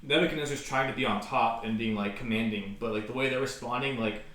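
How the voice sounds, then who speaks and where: A man's voice: mid-range voice, quick pace, fairly bright tone. A man in a Bible study group offering his take, hedging with lots of fillers. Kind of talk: casual group discussion. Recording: echoey room, far from mic.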